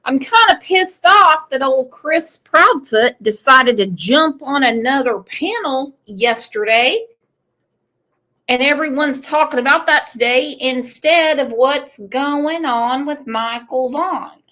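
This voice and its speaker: Hosting a laid-back true crime livestream, this woman has a cold that leaves her voice congested, yet it comes out high, slow, pushed and bright. She reads the chat bluntly and outspokenly, dropping in emotional asides.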